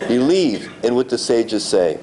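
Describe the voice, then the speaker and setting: A man voicing a quiet, tranquil elderly rabbi who speaks slowly and softly in a sermon story. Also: mid-range voice, sing-song, slight background noise, voice pushed down. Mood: firm. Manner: slow, soft, tranquil.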